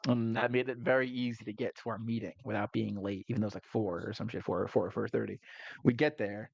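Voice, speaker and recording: A man's voice: fairly low pitch, steady tone, fast, gravelly, a little mellow, slightly rough, no room sound, highs cut off. Laughing, profane man recapping a game. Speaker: game master recapping a session. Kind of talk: casual tabletop game recap.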